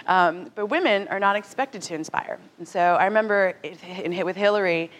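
A woman in her thirties giving a talk to an audience in a conversational, animated way, often acting out what others said. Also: mid-range voice, normal speed. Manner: animated, conversational, acts out quotes. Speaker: speaker at a talk.

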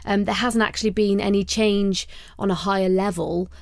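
A young Welsh woman speaks earnestly and steadily at a middle pitch, pausing on frequent ums. Her voice sounds dry and close. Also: steady tone, a little mellow, no room sound. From Wales. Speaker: podcast co-host. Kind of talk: casual conversation.

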